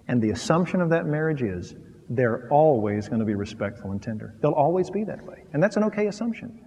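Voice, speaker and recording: A man preaching a sermon, moving from quiet, low asides to loud, rising emphasis and acting out little scenes. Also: big-room sound.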